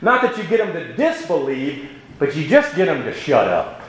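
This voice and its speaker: Casting: animated male pastor, chatty sermon full of rhetorical asides, echoey room. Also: on the high side, normal speed. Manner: conversational, rhetorical asides like "right?".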